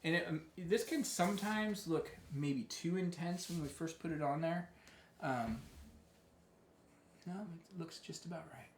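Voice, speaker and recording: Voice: mid-range voice, a little slow, a little hiss or hum. A painting instructor teaching a live tutorial in a chatty, encouraging way, often restarting sentences. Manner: chatty, self-correcting, encouraging. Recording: roomy, echoey room.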